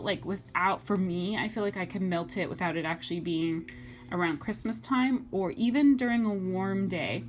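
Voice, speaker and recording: Chatty woman, low-pitched, faint hiss. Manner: chatty, enthusiastic, lots of fillers. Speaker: wax melt reviewer. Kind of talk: casual review vlog. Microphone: webcam or phone mic.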